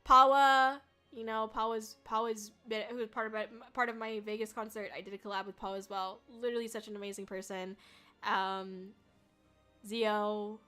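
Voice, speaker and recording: Soft background music accompanies a young woman VTuber in a casual livestream chat with her viewers. Her medium-pitched voice is smooth, pushed, and bright, with a level tone at normal speed. She's bubbly and giggly, with lots of filler words.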